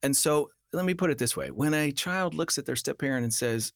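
A man with a slightly high, gravelly voice speaks briskly in a dry, studio-quality recording. As a family counselor on a radio talk show, he explains things earnestly and occasionally acts out what a child might say.

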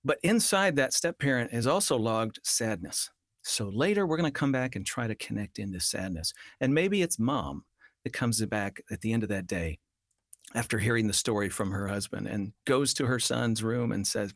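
A man's voice: fairly low pitch, animated, normal speed, no room sound, studio quality. A man talking as a family counselor on a radio show, earnest and explaining, now and then acting out what a child might say. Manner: earnest, acts out children's voices in quotes. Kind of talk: radio talk show conversation.

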